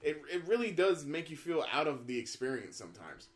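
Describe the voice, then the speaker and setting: Animated man on a gaming podcast. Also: fairly high pitch, a little fast. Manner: animated storyteller, acts out crowd reactions, swears. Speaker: podcast co-host. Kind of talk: casual podcast chat.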